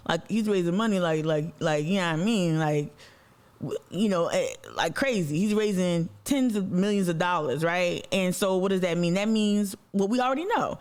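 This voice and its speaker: A man's voice: high voice, clean tone. A man hosting a casual political livestream, talking loosely with many fillers and greeting viewers by name. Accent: Southern US. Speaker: livestream host.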